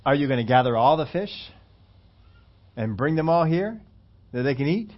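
Man voicing incredulous Moses, raised pitch, lo-fi sound. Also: lively intonation, normal speed. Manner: incredulous, questioning. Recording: dull lo-fi recording.

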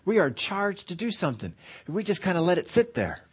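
A man's voice: high voice, big pitch swings, fairly quick, breathy edge. A middle-aged man teaching a Bible study, telling a long story in a folksy, rambling way with restarts and small chuckles. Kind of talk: conversational sermon storytelling.

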